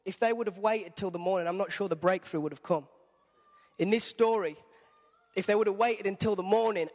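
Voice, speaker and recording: Male preacher, fairly high voice, conversational storytelling, long church-hall reverb. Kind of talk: sermon.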